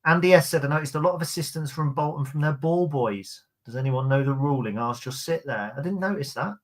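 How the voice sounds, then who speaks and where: A man hosts a relaxed fan podcast. He talks in a chatty, easygoing way and reads listener comments aloud between stories. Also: a little high, a little fast. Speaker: podcast host. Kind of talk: casual fan podcast chat.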